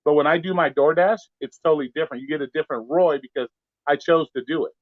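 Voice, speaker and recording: A delivery driver chats on a live stream, cursing freely and re-enacting his run-ins with customers. His voice sits a little high for a man. The sound is dull and dry, as if through a cheap mic. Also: fast, no room sound. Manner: profane, blunt storytelling with quoted back-and-forth. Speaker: gig delivery driver, co-host. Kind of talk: casual live-stream chat.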